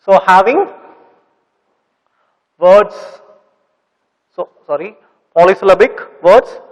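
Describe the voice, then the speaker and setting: A man teaching a class of children, speaking slowly and repeating words and sounds syllable by syllable. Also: high-pitched, animated, highs cut off. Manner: slow, repetitive, drills sounds syllable by syllable. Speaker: English teacher. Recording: long reverb.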